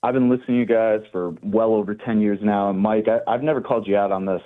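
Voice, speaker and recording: A man's voice: lowish voice, fast. A male sports fan calling in to a radio show, talking with rambling passion about his teams. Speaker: caller. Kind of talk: sports radio call-in chat. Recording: tinny phone line.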